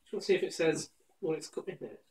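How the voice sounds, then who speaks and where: A man's voice: a little high, lively intonation, fast talker, a little mellow, reverberant, poor audio. Teasing man hosting a beer review. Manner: teasing, jokey, hesitant with fillers. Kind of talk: casual chat.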